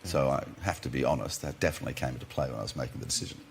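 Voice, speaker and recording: A man guest on a TV talk show, telling relaxed anecdotes with lots of "you know" and chuckles. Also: extremely low pitch, racing, gravelly, a little hiss or hum. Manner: laid-back storyteller, chuckling, full of you-knows. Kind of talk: casual chat, anecdotes. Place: TV studio with audience.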